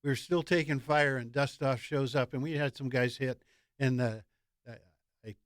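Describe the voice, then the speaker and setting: A man's voice: mid-range voice, normal speed, smooth, no room sound, clean studio sound. An older man, a veteran guest, telling anecdotes in a wry way with light chuckles. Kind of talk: interview storytelling.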